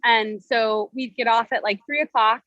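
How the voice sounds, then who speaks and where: A woman's voice: on the high side, steady tone, normal speed, pushed and bright, dry recording. A young woman from Cleveland telling a personal story over a video call, casual and chatty with lots of fillers. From Cleveland, Ohio. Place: outdoors at a state fair. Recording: dull lo-fi video call audio.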